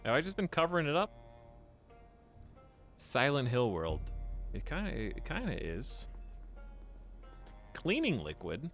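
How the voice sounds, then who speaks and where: Lively chatty male game streamer. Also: mid-range voice, a little slow, pauses often, faint music behind. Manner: chatty, thinks aloud, laughs at his own jokes. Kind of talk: casual gameplay commentary.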